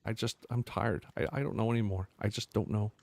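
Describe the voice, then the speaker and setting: A man's voice: on the low side, fairly even intonation, creaky, darkish tone, dry recording. A man voicing a confused, weary ghost who stammers and loses his words. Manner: halting, stammering, trailing off.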